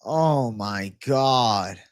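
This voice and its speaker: A man hosts a live stream of MMA betting picks, talking to his chat in an unhurried drawl. He is frustrated, swears often and keeps circling back to his complaints. The sound is dry and close, with no room echo. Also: medium pitch, animated. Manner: frustrated, profane, ranting to chat. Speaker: MMA betting show host.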